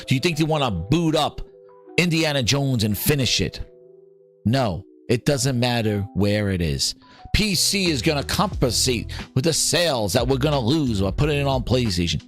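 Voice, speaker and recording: A man hosting a gaming podcast, ranting in a heated, profane and sarcastic way. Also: medium pitch. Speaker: podcast host.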